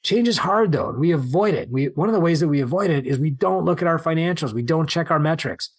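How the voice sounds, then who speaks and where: A man's voice: fairly high pitch, quick pace. A man hosting a business podcast, talking animatedly and acting out worried inner monologues. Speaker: podcast host and gym business coach. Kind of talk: solo business podcast talk.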